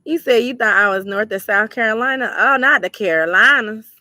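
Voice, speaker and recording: Chatty woman with a bright voice. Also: on the high side, brisk, no echo, studio quality. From Georgia, US. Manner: chatty, relaxed, talks straight to the viewers as y'all. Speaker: livestream host and tarot reader. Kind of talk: casual livestream chat reading viewer comments.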